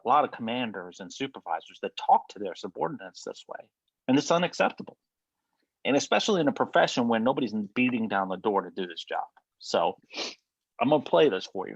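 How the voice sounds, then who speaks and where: A podcast host with a lowish voice talks in a blunt, casual way and swears freely. The sound is dry, with no room echo, and a little muffled. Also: male voice, husky.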